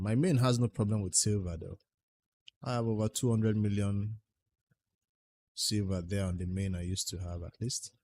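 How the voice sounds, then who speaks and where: A man's voice: lowish voice, mellow. Chatty Nigerian man streaming a game. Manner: chatty, answers chat questions and mutters about his progress. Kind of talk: casual livestream chat.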